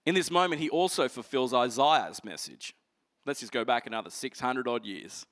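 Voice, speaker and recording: A man preaching a sermon, earnestly explaining scripture and moving between energetic passages and hushed ones. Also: mid-range voice, normal speed.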